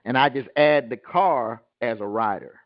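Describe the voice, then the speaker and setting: A man's voice: mid-range voice, moderate pace, no room sound, muffled recording. A man hosting a call and teaching in a casual, blunt way, throwing rhetorical questions at his listeners and answering them himself. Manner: blunt and colloquial. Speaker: host teaching a group call.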